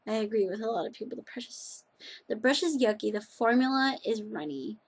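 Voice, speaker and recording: A woman's voice: fairly high pitch, a little fast, slightly rough. A woman chatting casually in a rambling, self-deprecating way as she reviews nail polish on her vlog.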